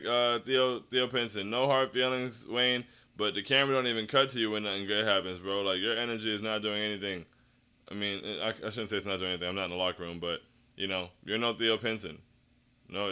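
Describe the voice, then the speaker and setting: A man's voice: on the low side, steady tone, fairly quick, sharp tone, clean tone. A man hosting a postgame livestream, reading chat comments, sounding dejected and down, often restarting his sentences. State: down after a loss. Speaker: stream host.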